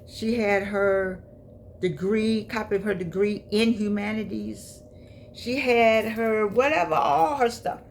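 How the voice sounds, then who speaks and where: A woman in her eighties shares stories from her life in a chatty, animated way, talking straight to her viewers. Her voice sits in a middle pitch with a noticeable gravelly texture. Faint background noise sits under her speech. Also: a little slow. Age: 80s. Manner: lively, chatty storytelling with laughs and direct asides. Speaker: memoir vlogger. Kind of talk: personal storytelling.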